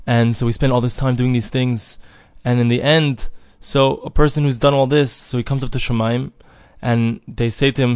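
A man's voice: mid-range voice, flat delivery, moderate pace, a little mellow, no room sound, clean studio sound. A man teaching an earnest religious lesson, telling stories and acting out voices. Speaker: Torah teacher. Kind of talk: recorded religious lesson with storytelling.

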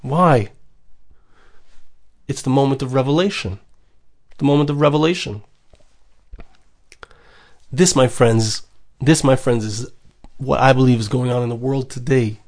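A man's voice: medium pitch, unhurried, pauses often, darkish tone. A man giving a Torah sermon, impassioned, repeating phrases and building to urgent questions. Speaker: rabbi giving a Torah talk.

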